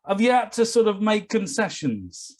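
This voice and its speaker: A man's voice: sits high, big pitch swings, moderate pace. A man co-hosting a podcast, asking questions and teasing his older co-host in casual chat. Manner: teasing, asks questions, chuckles.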